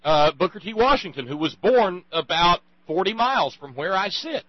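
A man's voice: high voice, sing-song, normal speed, no room sound, dull audio. A man hosting a talk conversation, rambling and emphatic, with many restarts. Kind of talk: casual radio conversation.

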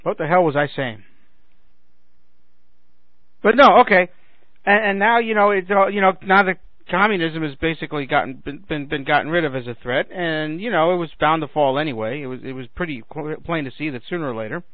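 A slightly high-pitched, brisk male voice with no room sound, heard through a dry, phone-like radio filter. He's a man in his forties hosting political talk radio, ranting sarcastically at listeners he calls "ladies and gentlemen" while his voice gives out and he keeps clearing his throat.

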